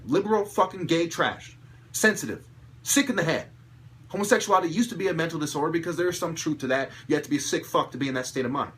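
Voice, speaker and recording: A man with a somewhat high voice rants to camera. He swears freely and swings into sudden loud outbursts, repeating and restarting his phrases as he goes. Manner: agitated, profane ranting with sudden loud outbursts. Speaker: vlogger. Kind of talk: angry monologue to camera.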